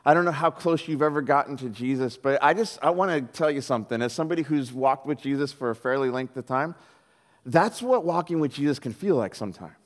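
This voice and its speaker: A man's voice: mid-range voice, fairly quick, in a large hall. A man from Southern California preaching a sermon as pastor, telling stories animatedly and acting out the voices in them. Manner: animated storyteller, acts out quoted voices, many "like"s.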